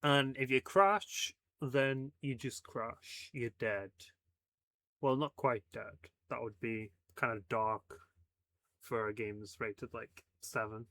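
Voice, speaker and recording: A man's voice: mid-range voice, takes it slowly, bright, forceful tone, no echo. A man narrating a fan story aloud, breaking off for casual, laughing asides. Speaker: fanfic reader. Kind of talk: audiobook narration.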